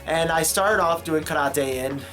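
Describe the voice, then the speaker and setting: A man's voice: a little high, moderate pace, fairly bright tone, soft background music. A young man from Chicago talking to camera in a casual vlog, jokey and rambling, with many fillers and self-mocking asides. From Chicago, United States. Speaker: vlogger.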